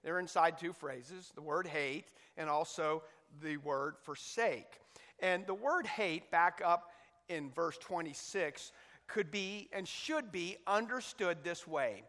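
A man's voice: fairly high pitch, takes it slowly, pushed and bright, in a large hall. A male pastor preaching a sermon, emphatic, reading scripture aloud between points, with an occasional cough. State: coughing now and then.

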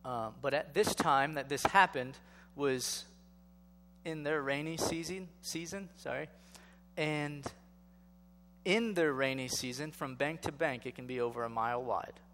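A man's voice: on the high side, a little slow, a bit bright, in a large hall. A male pastor giving a sermon in a conversational style, asking rhetorical questions and building to emphatic exhortation.

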